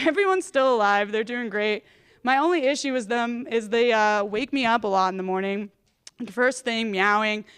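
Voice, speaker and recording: A woman's voice: medium pitch, a bit bright, clean tone. Self-deprecating woman doing stand-up. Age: 30s. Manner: rambling, self-deprecating, lots of "like". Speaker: stand-up comedian. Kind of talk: stand-up comedy set. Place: comedy stage.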